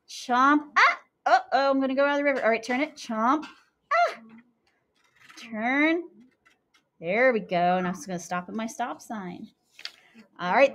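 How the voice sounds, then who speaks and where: A young woman teaching young children, animated and sing-song as she chants rhymes and talks through each step. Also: high-pitched. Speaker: kindergarten teacher.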